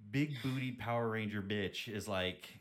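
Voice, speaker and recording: Lower-voiced man swearing through a recap. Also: normal speed. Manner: profane, laughing recap. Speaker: podcast host. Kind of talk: casual podcast chat.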